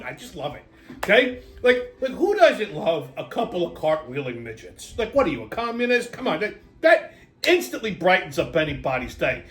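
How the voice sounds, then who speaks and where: A man's voice: high voice, very animated, moderate pace, a bit bright. A man hosting a weekly wrap-up show, ranting in a crude, exasperated comic style. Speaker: host. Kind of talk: profane comedic rant.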